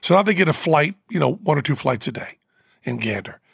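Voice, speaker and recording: A man hosting a podcast, telling a rambling story with fillers and quick laughs. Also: a little high, expressive, creaky, slightly rough, no room sound. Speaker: podcast host. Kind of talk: casual storytelling. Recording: dry close studio mic.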